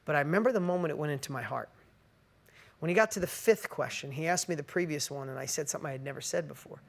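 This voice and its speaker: Speaking fast in a creaky, slightly higher than usual voice, this middle-aged motivational speaker shares a personal story with an audience. His delivery is heartfelt and earnest, and he performs the dialogue he recounts.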